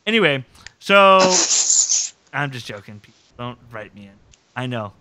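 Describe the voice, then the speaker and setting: Man, podcast host, bright voice, dry close sound, animated scene recap. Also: mid-range voice, normal speed, no room sound. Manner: animated storytelling, quotes scenes with relish. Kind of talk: casual recap chat.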